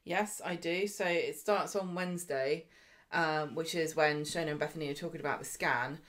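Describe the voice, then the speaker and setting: A woman's voice: low-pitched, moderate pace, fairly bright tone. A woman co-hosting a podcast, recapping soap episodes in casual chat and slipping into character voices. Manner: chatty, mimics characters in voices while retelling. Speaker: podcast co-host.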